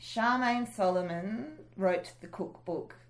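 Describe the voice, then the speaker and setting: A woman's voice: medium pitch, takes it slowly. A woman co-hosting a podcast in casual chat, blunt and cheeky, with bursts of mock outrage. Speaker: podcast co-host.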